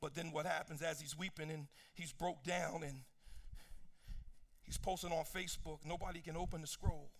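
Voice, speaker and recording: A man preaching a sermon, reading scripture with casual asides, swinging between soft low passages and sung, shouted peaks. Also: steady tone, moderate pace, creaky.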